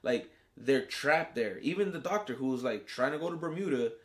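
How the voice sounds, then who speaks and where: A man's voice: mid-range voice, animated, moderate pace. A man hosting a casual TV episode review, talking in slang with plenty of swearing and acting out the characters' reactions. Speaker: reviewer and show host.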